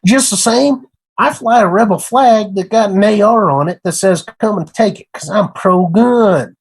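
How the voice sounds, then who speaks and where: A man's voice: sits high, normal speed, husky, rough recording. A man who works as a computer repair tech, talking in an emphatic, rambling casual rant that repeats itself.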